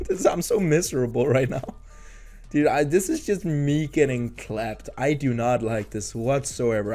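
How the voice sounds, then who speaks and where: A young man talks over his own game session in a loose, unscripted way, cursing and stuttering as things go wrong. His pitch sits in an ordinary middle range. Quiet game music plays underneath. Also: expressive, normal speed. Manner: frustrated, rambling, swears and stutters. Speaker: gaming YouTuber. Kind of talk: casual gameplay commentary.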